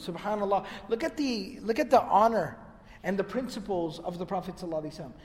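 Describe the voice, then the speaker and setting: A man teaching history as a storytelling lecture, earnest and emphatic, repeating phrases for stress and translating the passages he recites quickly. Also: high-pitched, darkish tone, long reverb tail. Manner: recites quoted passages quickly in another tongue and then translates them.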